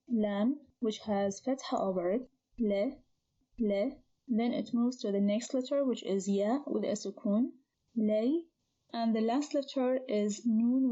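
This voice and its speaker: A woman's voice: on the high side, mellow. Patient woman teaching, dull lo-fi sound. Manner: patient, spells out sounds and repeats words. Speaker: Arabic teacher. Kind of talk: slow instructional lesson.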